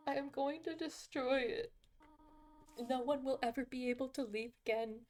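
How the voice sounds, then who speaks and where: A woman reading aloud the lines of a gentle, motherly female goat monster from a video game, in a soft, measured, solemn way. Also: high-pitched, pitched above the performer's own voice, natural voice.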